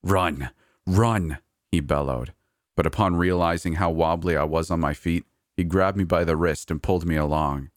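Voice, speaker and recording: A man reading a first-person serialized story as a scripted narration, in a measured, even manner. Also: sits low, no room sound, studio quality.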